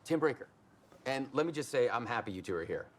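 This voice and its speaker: An actor playing a friendly, steady male sheriff in a video game, speaking in an easygoing, plainspoken way. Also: medium pitch, fast talker, natural voice. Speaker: game character.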